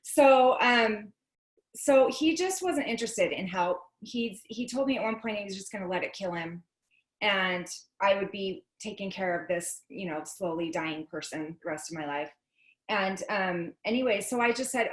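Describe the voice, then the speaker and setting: A woman's voice: medium pitch, normal speed. Speak as a chatty woman in an echoey room. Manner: chatty, many fillers and restarts. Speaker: guest telling her story. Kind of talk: personal testimony on a video call.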